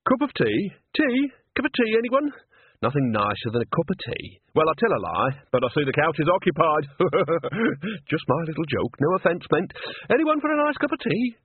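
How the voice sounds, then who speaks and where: A man's voice: fairly high pitch, sing-song, normal speed, a little hiss or hum, voice pushed up. A man reading a storybook and voicing a cheeky, chatty older woman serving tea, with a chirpy sing-song delivery. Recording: tinny phone-like band.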